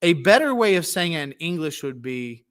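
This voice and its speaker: A man's voice: on the high side, big pitch swings, fairly bright tone, clean tone. Conversational male pastor preaching. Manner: conversational, plays out Bible scenes in quick voices. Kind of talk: sermon.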